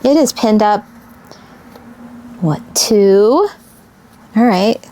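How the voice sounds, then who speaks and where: A woman's voice: medium pitch, animated, warm tone. A woman casually showing vintage fabric scraps to her viewers, musing and sentimental as she unpacks them. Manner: wistful, sentimental, talks to viewers while unpacking; unhurried and musing. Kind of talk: casual show-and-tell vlog.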